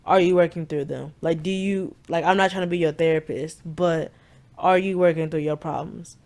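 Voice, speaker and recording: A woman's voice: lowish voice, steady tone, moderate pace, darkish tone. A woman in her twenties with a Southern US accent, co-hosting a podcast in frank, profane casual chat full of "like". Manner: frank and profane, heavy use of "like". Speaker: podcast co-host.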